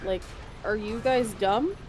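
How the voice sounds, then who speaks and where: A woman's voice: medium pitch, takes it slowly, noisy background. A woman casually telling a long, rambling story about running a tabletop game, full of fillers and laughter.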